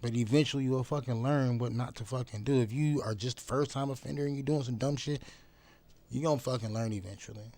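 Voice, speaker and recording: A man talking bluntly and profanely in a casual vlog monologue. He repeats phrases for emphasis and swings between loud outbursts and low mutters. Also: brisk. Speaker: vlogger.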